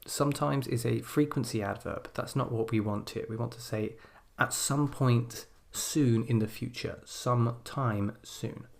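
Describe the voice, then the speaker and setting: A man giving a recorded English grammar lesson, explaining clearly and slowing down when he reads example sentences aloud. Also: medium pitch. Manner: explanatory, measured, slows down to read example sentences. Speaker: English exam teacher. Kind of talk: scripted video lesson.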